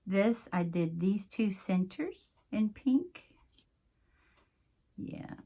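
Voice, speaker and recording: A woman with a Southern American accent chatting casually as she crafts, homey and prone to drifting off topic, with a slightly husky voice and frequent throat-clearing. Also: medium pitch, sing-song, drawn-out words, pauses often, warm tone. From Southern United States. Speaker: crafting channel host. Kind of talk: casual craft-along chat.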